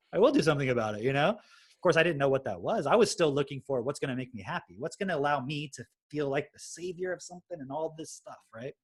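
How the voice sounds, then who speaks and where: A man's voice: on the high side, racing, husky. A man, a podcast host telling his story in casual chat and swearing freely. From Texas. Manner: swears freely, animated retelling.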